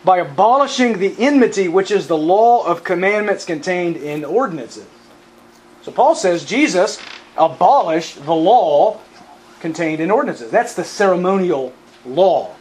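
A man preaching a sermon, emphatic, repeating key phrases for stress and often clearing his throat. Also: sits high, lively intonation, unhurried, a little mellow, a little hiss or hum, rough recording.

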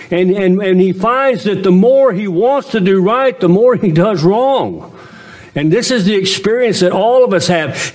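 A man with a high voice delivers a sermon as a pastor. He preaches earnestly and keeps asking rhetorical questions of his listeners.

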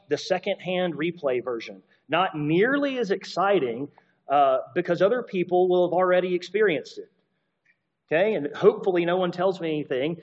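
A man's voice: high-pitched, highs cut off. A man preaching a sermon, explaining scripture in a conversational teaching manner with asides and repeated points. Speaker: pastor.

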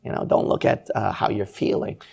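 A man's voice: fairly quick, a little mellow. A man preaching a sermon to his congregation, exhorting them with repeated rhetorical questions.

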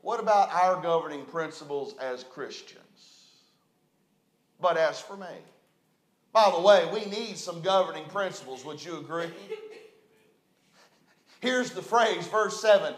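Delivering his sermon a little slowly with long pauses, this middle-aged West Virginian pastor has a high voice and a West Virginian accent. He tells stories in a folksy, conversational way and repeats phrases, with a roomy echo from the church sanctuary around him.

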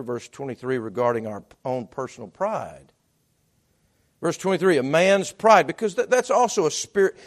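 A man preaching a sermon as pastor, talking conversationally with repeated restarts, swinging between loud bursts and hushed asides. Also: a little high.

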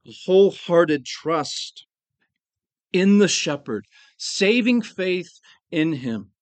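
A man preaching a sermon as pastor, earnest, slowing down to stress key phrases. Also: high-pitched, expressive, no echo.

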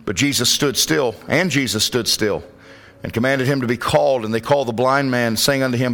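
A man preaching a sermon, praying and reading scripture, rising to loud impassioned calls. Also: medium pitch, a little fast. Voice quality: glasses-wearing reader of scripture. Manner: rises to loud impassioned calls when quoting.

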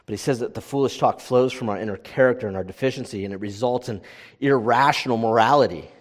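A man's voice: medium pitch, fast. Man preaching in an echoing hall. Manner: conversational preaching, frequent "right?" tag questions. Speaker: pastor. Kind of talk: sermon.

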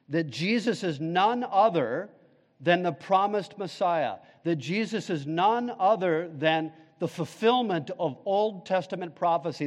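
A man's voice: fairly high pitch, long reverb tail. A male pastor preaching a sermon, emphatic, putting questions to the congregation.

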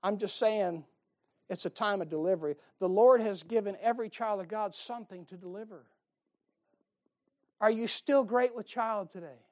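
A man pastor preaching a sermon in a folksy, animated way, firing off rhetorical questions with bits of humor. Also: sits high, normal speed.

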